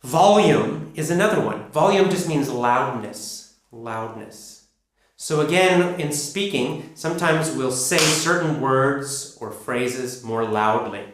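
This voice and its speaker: A man with a North American accent teaching English pronunciation, speaking slowly and emphatically as he demonstrates rises and falls in pitch. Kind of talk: spoken lesson to learners. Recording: very echoey room.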